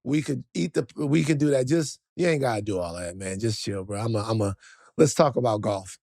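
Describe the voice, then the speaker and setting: A man with a Southern accent co-hosting a casual sports podcast, ranting in an animated way. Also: medium pitch, fairly quick, vocal fry, no room sound, clean studio sound. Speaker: co-host.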